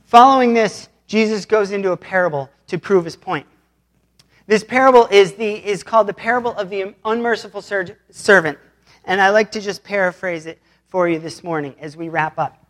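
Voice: mid-range voice, normal speed, a bit bright. A pastor giving a conversational sermon, retelling scripture in plain everyday words.

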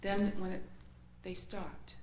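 An earnest woman with a slightly low voice tells her personal testimony, hesitant and emotional as she recounts it. She speaks in an echoey room with a faint hum behind her. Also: fairly even intonation, slow pace.

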